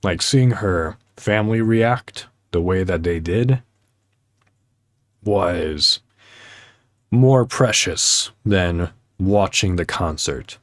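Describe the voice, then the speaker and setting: Male podcast host, deep and slow, casual heartfelt chat with lots of ums, dry recording. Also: no echo. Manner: halting, many fillers, heartfelt storytelling. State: choked up.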